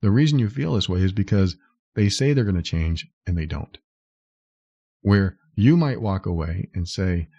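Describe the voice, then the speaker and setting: A man's voice: deep voice, animated, normal speed, mellow, dry recording, muffled recording. A man hosting a podcast, talking earnestly and explaining things step by step, sometimes acting out what someone might say. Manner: earnest, explains step by step, acts out quoted lines. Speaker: podcast host. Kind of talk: solo podcast advice talk.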